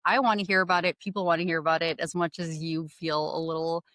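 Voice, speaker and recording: A woman's voice: low voice, flat delivery, quick pace, fairly bright tone, no room sound. A woman hosting a casual podcast interview, chatty and encouraging toward her guest. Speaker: podcast host.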